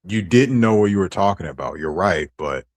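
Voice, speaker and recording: Deep voiced guy on a stream, cussing a lot and going off about some beef. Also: animated, normal speed. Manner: angry, profane storytelling. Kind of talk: heated rant on a stream.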